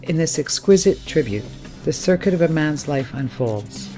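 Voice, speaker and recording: A man's voice: fairly high pitch, lively intonation, moderate pace, dark tone, soft background music. A man hosting a reading series, giving formal, admiring introductions of the readers. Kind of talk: scripted introductions.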